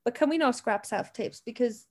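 A woman who works as a talent agent co-hosts a relaxed podcast. She chats freely and laughs easily while she tells stories from her work. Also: a little high, moderate pace. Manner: chatty, laughs often, tells anecdotes. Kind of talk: casual podcast chat.

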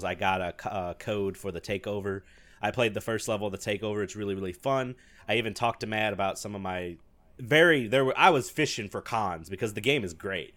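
Bright-voiced young man, enthusiastic. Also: fairly low pitch. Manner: laughs often, enthusiastic. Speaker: podcast co-host. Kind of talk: casual chat.

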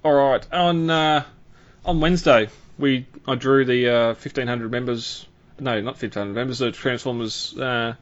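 A man's voice: medium pitch, fairly even intonation, moderate pace, muffled recording. A man hosting a podcast in casual chat, rambling with lots of fillers and restarts. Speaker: podcast host.

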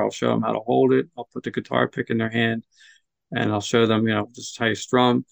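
A man's voice: medium pitch, flat delivery, fast, vocal fry, dry recording. A man talking as a guest on a podcast interview, chatty and encouraging, sometimes acting out what children say. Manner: chatty, encouraging, acts out kids' voices. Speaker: guest, music nonprofit leader.

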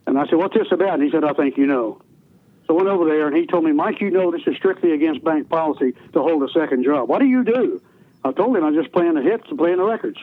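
Heard over tinny phone-line radio audio, a retired radio DJ guest talks fast in a slightly high voice. The older man rambles through folksy stories of his radio career in an interview, full of restarts.

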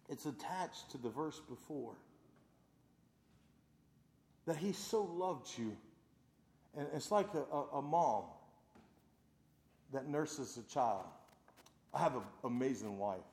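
In a large hall full of echo, a man in his thirties with a medium-pitched voice delivers an emphatic, folksy sermon. He alternates between loud proclamations and hushed speech.

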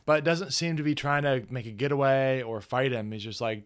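A man co-hosting a casual movie review podcast, retelling scenes and quoting characters in a relaxed drawl. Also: mid-range voice, normal speed, smooth. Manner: chatty, quotes characters in a laid-back voice. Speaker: podcast co-host.

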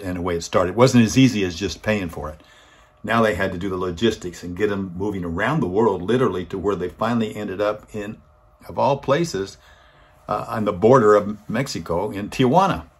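A man giving a weekly inspirational talk, telling a story in an earnest way and rising in force on key points. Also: slightly rough. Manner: earnest, swells louder and higher on key points. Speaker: motivational speaker.

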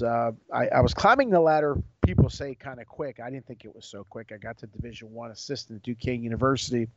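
A man's voice: medium pitch, no echo. Man hosting, telling a story, dull dry sound. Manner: rambling, emotional, repeats himself; ad read in sports jargon. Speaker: podcast host. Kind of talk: casual storytelling.

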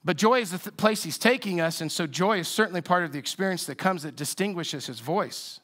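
A man's voice: high voice, a little fast, a bit bright. A man preaching a sermon in a conversational, reflective way with frequent restarts. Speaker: pastor.

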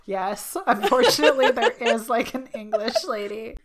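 A woman co-hosting a casual podcast, chatty and quick to laugh. She reads trivia questions aloud and riffs freely between them. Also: on the high side, heavy background noise. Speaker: podcast co-host. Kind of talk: casual chat.

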